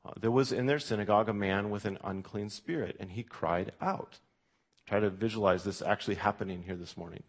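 A male pastor preaching a sermon in a conversational way, with frequent fillers and restarts, reading scripture aloud with extra emphasis. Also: on the low side.

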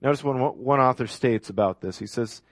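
A male pastor delivers a sermon with an emphatic, repetitive cadence. His voice sits at an ordinary pitch, recorded close and dry with no room sound. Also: a little fast, dry recording. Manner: emphatic, repeats key phrases for effect.

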